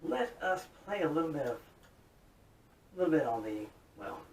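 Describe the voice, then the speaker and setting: A man's voice: very animated, normal speed. Chatty man in a roomy, distant recording. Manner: folksy, chatty, upbeat. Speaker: guitar hobbyist showing his modded guitar. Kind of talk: casual demo talk to camera. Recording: roomy, distant mic with faint rumble.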